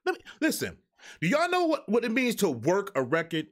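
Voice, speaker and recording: A man whose voice sits high, with wildly swooping pitch, rants fairly quickly while hosting his own live show. He is exasperated and profane toward the people who send him music, in typical ranting live stream style.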